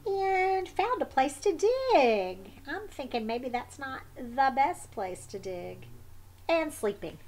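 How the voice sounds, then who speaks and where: Woman, picture book read aloud, gentle, explains pictures, fairly high voice, lively pitch. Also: takes it slowly. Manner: gentle, explains the pictures to listeners, slips into soft whispered asides. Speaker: storyteller.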